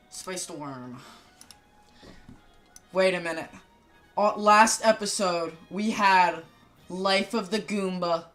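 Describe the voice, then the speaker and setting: An excitable woman rattling through casual gaming commentary in a mid-pitched voice. She jokes around and swears freely, with faint music playing underneath. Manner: excitable, swears a lot, jokey. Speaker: gaming video creator.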